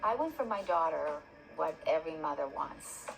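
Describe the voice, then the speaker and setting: A middle-aged woman speaking gently and carefully as a worried mother in a reality TV interview. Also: sits low, very animated, moderate pace, vocal fry. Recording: echoey room with music.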